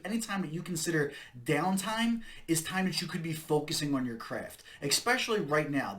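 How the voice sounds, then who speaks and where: A man's voice: on the high side, a bit bright. A young man hosting a casual talk on running marketing meetings. He speaks in an easy, conversational way and drives his points home with emphatic, punchy repetition.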